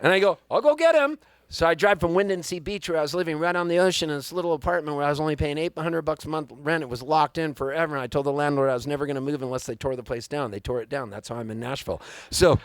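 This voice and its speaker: A man, a singer-songwriter, telling an animated story between songs at a live music venue and acting out the people in it. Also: fairly high pitch, fast, no room sound. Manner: animated, excitable storyteller who acts out the people he quotes.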